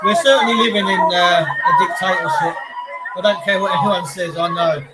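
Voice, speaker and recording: A man's voice: sits high, fairly even intonation, normal speed. A middle-aged man, ranting to viewers on a live stream in an emphatic, repetitive way. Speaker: livestreamer. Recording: loud background noise.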